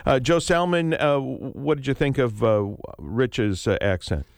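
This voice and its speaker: A man's voice: mid-range voice, unhurried, no echo, clean studio sound. Man hosting a call-in radio show. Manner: friendly, conversational, asks listeners questions. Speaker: radio talk show host. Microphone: studio microphone.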